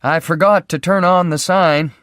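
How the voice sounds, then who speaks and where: A man's voice: fairly high pitch, fairly even intonation, moderate pace, fairly bright tone, no echo, clean studio sound, voice pushed up, natural voice. A man reading a story, voicing a nervous young motel keeper who sounds jumpy and overly polite.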